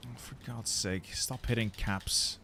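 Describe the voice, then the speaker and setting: A man's voice: medium pitch, fairly even intonation, unhurried, gravelly, bright, forceful tone, slight background noise. A man commentating his strategy game play, exasperated and swearing as he rants about losing. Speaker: gaming channel host.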